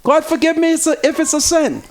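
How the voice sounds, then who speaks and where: A man's voice: extremely high pitch, quick pace, background noise. A Bahamian man hosting a heated political talk show, fiery and preachy, speaking in strong local dialect.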